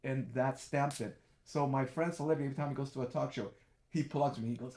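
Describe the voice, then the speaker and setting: An older man, a guest, telling lively stories about his dancing days and acting out every quote. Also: fast talker. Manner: lively storyteller who acts out quotes with big pitch jumps. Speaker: guest, former TV dancer and host. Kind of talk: animated storytelling.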